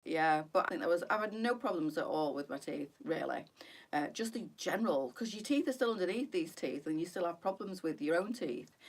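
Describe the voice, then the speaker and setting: A woman's voice: on the low side, distant mic. A British woman hosting a boutique live stream, chatting casually and wandering off on tangents.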